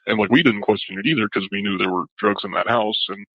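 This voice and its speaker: A young man answering interview questions haltingly, his speech full of fillers. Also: on the low side, steady tone, no echo. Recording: dull, dry lo-fi audio.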